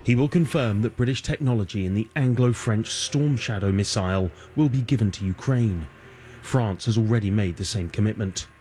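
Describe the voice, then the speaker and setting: A man reading the news in a steady, formal way. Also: on the low side, moderate pace, a little hiss or hum. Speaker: newsreader.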